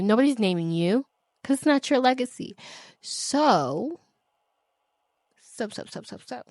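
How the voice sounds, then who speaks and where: A woman with a medium-pitched voice records her solo podcast in clean studio sound with no room noise. She speaks passionately and emphatically, swearing freely, repeating pleading phrases, and laughing or sighing between points.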